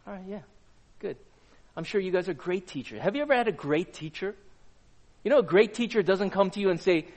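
A man's voice: high-pitched, expressive, a little fast, pauses often. A man preaching a sermon to a live audience, talking in a conversational way and putting questions to the crowd. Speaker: pastor.

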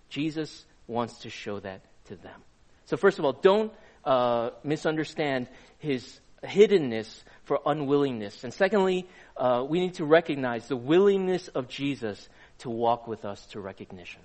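A man's voice: sits high, lively intonation, moderate pace. A man preaching a sermon to a live audience, talking in a conversational way and putting questions to the crowd. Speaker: pastor.

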